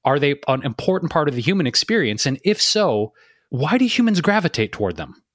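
A man's voice: a little high, very animated, fairly quick, fairly bright tone, no echo. Male host, rambling interviewer, dry booth sound. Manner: rambling, laughing questions. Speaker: podcast host. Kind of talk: casual podcast interview.

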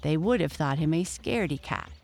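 A narrator with an animated mid-range voice reads a children's animal story aloud, speaking directly to the young listener in a measured way. Soft music plays in the background.

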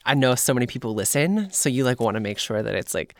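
A man who is a guest on a podcast, chatting casually and talking quickly and nervously. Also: medium pitch, lively intonation, dry recording, clean studio sound. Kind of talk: casual chat.

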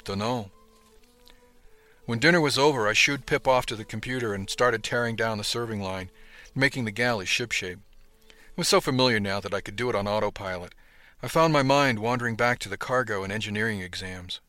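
A man narrates a novel in the first person with steady storytelling. His voice sits a little low but sounds bright and forceful. The recording is dry and close-miked. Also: brisk, no room sound, faint music behind. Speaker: audiobook narrator.

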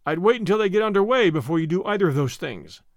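A man reading the part of a calm, wry companion who speaks soothingly. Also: high-pitched, fast, no room sound, clean studio sound.

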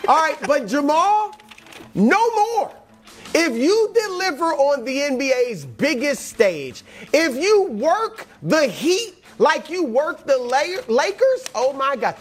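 A man's voice: extremely high pitch, sing-song, slow pace, soft background music. A man co-hosting a sports talk show, delivering a hyped-up motivational list straight to the players. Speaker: co-host.

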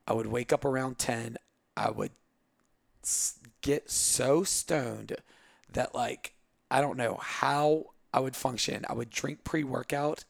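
A man's voice: medium pitch, gravelly, no echo, clean studio sound. A man in his thirties telling a candid personal story in a rambling way, with many fillers like 'like'. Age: 30s. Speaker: guest.

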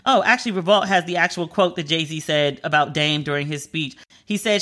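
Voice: medium pitch, a little fast, few pauses, bright, forceful tone. A commentator reading entertainment news aloud in a casual, chatty way and reacting openly between the items.

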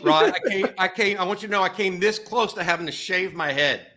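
Bright-voiced sports talk host. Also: male voice, sits high, a little fast. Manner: many filler uhs, chatty. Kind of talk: postgame sports talk show.

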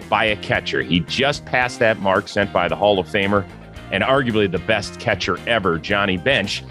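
A man's voice: on the low side, a bit bright. A man from Cleveland, Ohio, hosting a podcast and interviewing his guest in a chatty, joking way. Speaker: podcast host.

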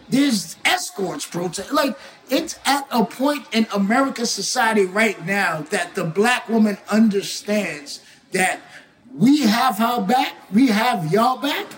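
Brief: male interview guest, very high voice, emphatic, repeats himself, often shouts. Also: rough recording. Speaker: guest rapper. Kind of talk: casual interview talk.

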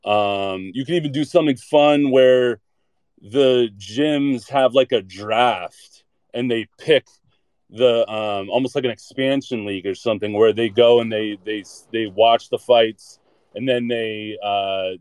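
A man's voice: mid-range voice, unhurried, a little mellow, smooth, no room sound. A man chatting casually and bluntly, rambling with lots of filler words and jokes. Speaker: podcast segment contributor. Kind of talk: casual chat.

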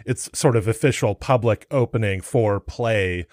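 A man hosting a podcast interview, asking measured, curious questions. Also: lowish voice, a little mellow, no room sound, studio quality. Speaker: podcast host.

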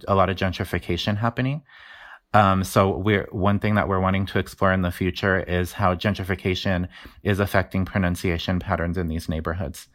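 A man's voice: low-pitched, fairly bright tone. A man from the Mountain West explaining his research in a casual interview, with many fillers and restarts. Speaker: linguistics researcher guest.

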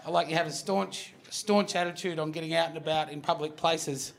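A man hosting a live comedy show, animated and full of swearing. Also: fairly high pitch, brisk, gravelly, echoey room, very noisy. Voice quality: profane, animated. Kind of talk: live comedy panel banter. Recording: audience laughter throughout. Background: live audience laughter.

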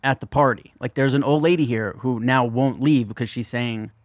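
A man's voice: mid-range voice, moderate pace, no echo, studio quality. A man co-hosting a podcast, rambling through a story in a casual chat and swearing often. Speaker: podcast co-host.

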